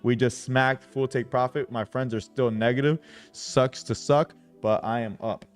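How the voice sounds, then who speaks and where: A man's voice: medium pitch, fairly even intonation, moderate pace, soft background music. A young man hosting a trading livestream, talking brashly to his chat, swearing often and hyping himself up.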